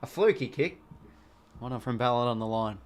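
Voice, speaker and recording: Excitable Australian man calling footy live. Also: mid-range voice, normal speed. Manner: casual, excitable, swears, talks to chat viewers. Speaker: livestream host calling a football match. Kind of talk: live watch-along commentary and chat.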